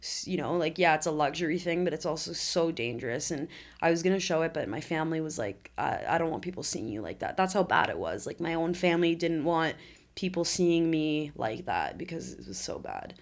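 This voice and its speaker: A woman's voice: low voice, expressive, a little fast. A woman in her twenties, a podcast guest, telling her story candidly and earnestly in conversation. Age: 20s. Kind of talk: conversational interview.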